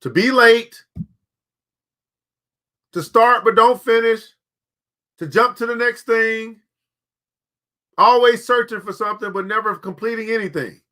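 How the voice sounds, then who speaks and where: A man's voice: extremely high pitch, measured pace, long pauses, bright, forceful tone. A man hosting a show, giving motivational commentary between book readings, preachy and repeating key phrases for emphasis. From United States. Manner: colloquial, addresses listeners directly. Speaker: show host.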